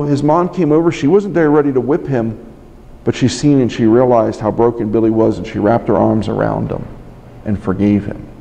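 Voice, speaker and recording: A man's voice: mid-range voice, vocal fry, warm tone. A man preaching a sermon, telling a story earnestly and often restarting his words. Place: library conference room. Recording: long hall reverb.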